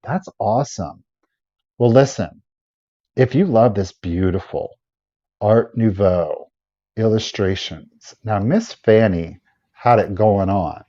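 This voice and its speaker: A man's voice: fairly low pitch, slow pace, mellow, lo-fi sound. A man hosting a live vintage sale, chatting enthusiastically as he shows items and runs the bidding. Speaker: live auction seller.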